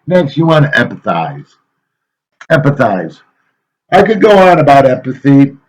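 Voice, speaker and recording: A male teacher giving a casual, folksy lecture to his students, rambling a little with frequent pauses and filler sounds. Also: mid-range voice, rough recording.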